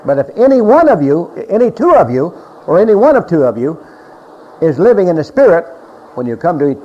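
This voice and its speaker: A man's voice: fairly high pitch, big pitch swings, a little fast, darkish tone. Middle-aged male preacher, emphatic, repeats his lines, raised voice, muffled old recording. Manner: emphatic, repeats phrases, rises and drops in volume. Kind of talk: sermon. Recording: dull lo-fi recording with faint hiss.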